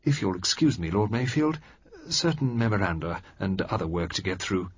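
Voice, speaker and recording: A man's voice: sits low, normal speed, slightly rough. A man voicing a polite young male secretary who murmurs his words in a story reading. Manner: murmuring, courteous. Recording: dry, slightly dull recording.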